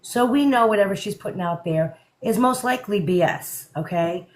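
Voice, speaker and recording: A woman's voice: mid-range voice, expressive, moderate pace, rough recording. A woman hosting a live stream, chatting casually and speaking her mind. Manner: outspoken, chatty.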